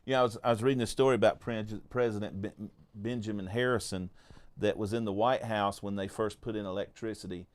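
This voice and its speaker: A man's voice: on the low side, steady tone, fairly quick. A man hosting a faith podcast, chatting casually and telling jokey, folksy stories with frequent restarts. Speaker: podcast host.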